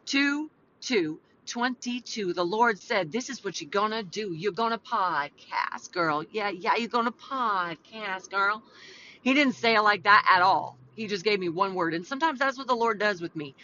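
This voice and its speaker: A woman's voice: on the low side, pushed and bright. A woman hosting a faith podcast, mixing prayer with casual, slangy, rambling and self-deprecating talk. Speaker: podcast host. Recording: slightly muffled with faint background hum.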